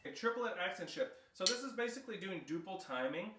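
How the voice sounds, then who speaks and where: A man's voice: sits high, animated, quick pace, heavy background noise. A male drumline instructor explaining snare rudiments and counting rhythms aloud between demonstrations. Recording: roomy echo, distant mic, loud clatter.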